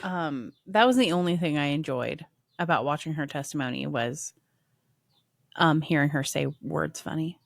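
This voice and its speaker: A woman co-hosting a podcast in casual chat, relaxed, often answering briefly. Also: low voice, moderate pace, vocal fry, no room sound. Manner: relaxed, brief agreeing replies. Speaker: podcast co-host.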